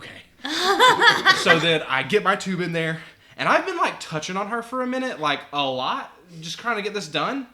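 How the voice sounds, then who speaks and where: A man spins a casual anecdote as a podcast guest. His voice is very bright and his pitch roams widely. He acts out the voices of others and often breaks into laughter. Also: wildly swooping pitch, normal speed, slight background noise. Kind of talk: casual storytelling.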